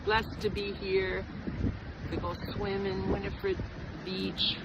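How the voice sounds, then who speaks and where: A woman's voice: medium pitch, little pitch movement, slow. A woman with a Canadian accent, speaking learned Jamaican Patois, chatting playfully in a casual vlog at a beach. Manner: playful, mixing Patois with laughs. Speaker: vlogger at the beach. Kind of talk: casual chat. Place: outdoors at a beach. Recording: clear street and vehicle noise behind. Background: traffic and outdoor ambience.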